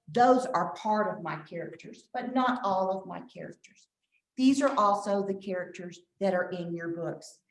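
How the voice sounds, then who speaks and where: A woman gives a kindergarten nutrition lesson in a slow, drawn-out teacher voice, her pitch swinging up and down. She says short phrases for the children to repeat back. The sound carries an echo, as if recorded in a bare room. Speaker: extension nutrition educator.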